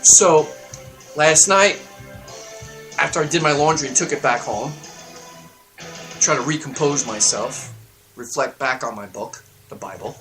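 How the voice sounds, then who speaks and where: A man delivering a heated, profane talk-radio rant, getting louder and higher as he stresses his points. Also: measured pace, long pauses, over music. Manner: heated, profane, emphatic ranting that climbs in pitch and volume. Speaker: radio show segment contributor. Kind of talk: ranting talk-radio monologue. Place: radio studio.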